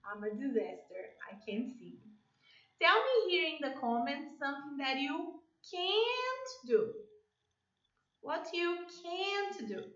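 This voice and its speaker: Lively Brazilian woman teaching English. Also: sits high, takes it slowly, echoey room, recorded from a distance, lo-fi sound. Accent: Brazilian Portuguese. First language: Portuguese. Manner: lively, encouraging, mixes in Portuguese translations. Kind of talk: online English lesson.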